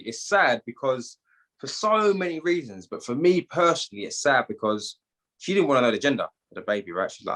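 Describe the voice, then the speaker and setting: A British man with a London accent tells a personal story as a podcast guest, animated and full of street slang. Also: medium pitch, a little fast. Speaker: guest, gym owner.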